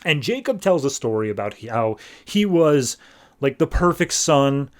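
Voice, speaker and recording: A man in a relaxed podcast chat walks through a comic book's story, talking loosely and filling gaps with "like." Now and then he tosses off a quick mock voice for a character before slipping back into his everyday mid-pitched tone. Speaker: podcast host. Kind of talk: casual comic book recap.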